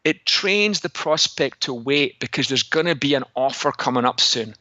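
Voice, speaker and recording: A man's voice: mid-range voice, expressive, moderate pace, pushed and bright, no room sound, highs cut off. Man in a put-on Scottish accent. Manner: chatty storytelling, rhetorical questions. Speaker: segment host, fitness business coach. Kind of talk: casual podcast lesson.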